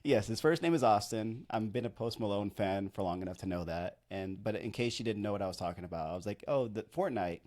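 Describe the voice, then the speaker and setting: A man's voice: fairly low pitch, fast talker, few pauses, darkish tone. A man in his thirties telling a story on a podcast in a rambling, self-deprecating way, with lots of "like". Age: 30s. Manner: rambling, chatty, self-deprecating, heavy use of "like". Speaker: podcast co-host and wedding videographer.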